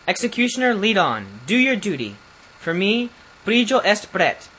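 A man's voice: sits high, big pitch swings, normal speed, sharp tone, slight background noise, pitched above the performer's own voice, full character voice, poor audio. A man doing a blustering stubborn old king. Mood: commanding. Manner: blustering, commanding.

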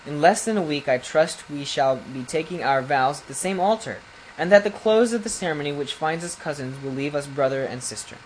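A man's voice: a little high, fairly quick, slight background noise, lightly acted, rough recording. A man playing a stately young crown prince. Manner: stately, formal.

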